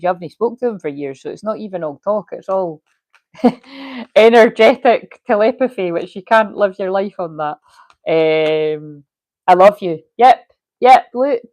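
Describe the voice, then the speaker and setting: A woman's voice: mid-range voice, animated, moderate pace, a little mellow, dry recording, rough recording. A woman giving a casual livestream tarot reading, chatty, swearing freely and laughing often. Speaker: tarot reader.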